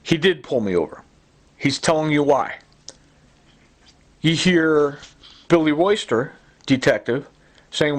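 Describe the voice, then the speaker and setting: A sleep-deprived man talking in a rambling, agitated monologue, halting and repeating himself with many fillers. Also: medium pitch, animated. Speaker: vlogger.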